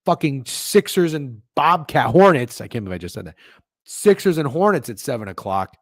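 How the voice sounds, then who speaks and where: A man hosting a sports betting stream, talking casually and swearing a lot, swinging between low mumbling and loud outbursts. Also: big pitch swings, normal speed, no room sound, clean studio sound. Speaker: sports betting podcast host. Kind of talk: casual livestream rant.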